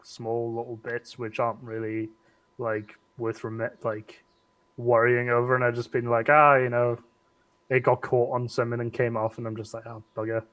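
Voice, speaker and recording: A cosplayer chatting on a live stream, telling stories with restarts and laughs. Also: male voice, mid-range voice, completely flat delivery, moderate pace, dry recording, muffled recording. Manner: rambling storyteller with restarts and laughs. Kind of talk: casual chat.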